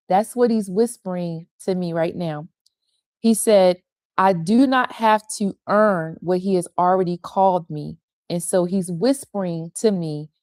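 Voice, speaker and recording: Older woman pastor, heartfelt devotional, lowish voice, dry close sound. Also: unhurried, darkish tone, dry recording. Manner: tender and confessional, repeating phrases for emphasis. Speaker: pastor and women's ministry leader. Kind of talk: heartfelt devotional teaching on a livestream.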